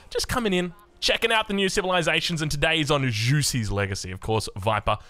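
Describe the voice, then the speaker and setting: Man, Australian accent, esports caster, energetic and jokey, bright tone, very animated pitch. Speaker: game caster. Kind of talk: esports play-by-play commentary.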